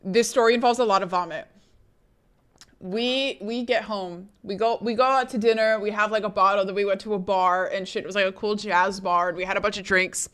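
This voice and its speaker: A young woman streamer telling a story to her chat in an animated, laughing way, swearing freely. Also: mid-range voice, fairly quick.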